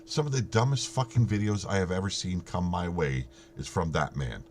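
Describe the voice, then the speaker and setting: A man's voice: sits low, very animated, normal speed, slight background noise. A middle-aged man hosting a live stream in casual chat, swearing freely and laughing often.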